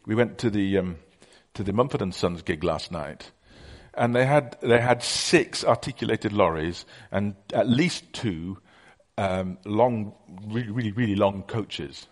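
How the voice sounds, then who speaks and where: Chatty middle-aged preacher. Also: male voice, lowish voice. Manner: anecdotal, conversational with many fillers. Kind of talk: sermon.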